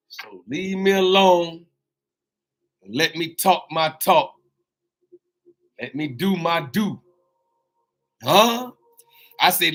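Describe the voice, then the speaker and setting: High-voiced man preaching motivational talk. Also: animated, a bit bright. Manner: repeats lines, call-and-response asides; drawn-out exclamations. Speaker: motivational host.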